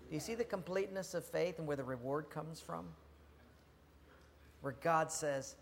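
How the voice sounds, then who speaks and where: A male preacher giving an animated sermon that swings from loud to hushed. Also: on the high side, moderate pace, creaky, long pauses, a little hiss or hum. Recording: long reverb in a hall, faint ambience.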